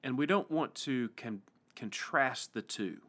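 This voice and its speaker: A man with an East Tennessee accent, a pastor hosting a casual podcast interview, friendly and halting with frequent restarts. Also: mid-range voice, lively intonation, sharp tone.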